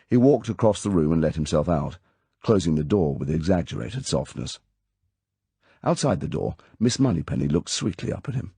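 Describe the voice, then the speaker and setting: Deep gravelly male audiobook narrator. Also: no echo. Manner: measured, expressive storytelling. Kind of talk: scripted narration.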